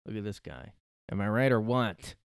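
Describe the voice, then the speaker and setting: A man's voice: on the low side, expressive, moderate pace, vocal fry, clear, resonant tone, dry recording, clean studio sound. A man hosting a solo podcast from his room, ranting sarcastically and swearing a lot. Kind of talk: casual ranting monologue.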